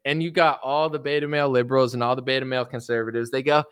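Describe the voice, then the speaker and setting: A man's voice: medium pitch, fairly even intonation, rapid-fire, fairly bright tone, clean tone, no echo, clean studio sound. A man giving rambling, sarcastic political commentary in a solo vlog, full of "it's like" and mocking quotes.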